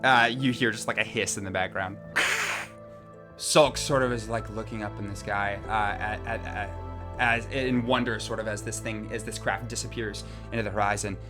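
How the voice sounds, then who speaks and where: A man's voice: on the low side, steady tone, moderate pace, music in the background. A man narrating as game master of a tabletop game, rambling and descriptive with many restarts.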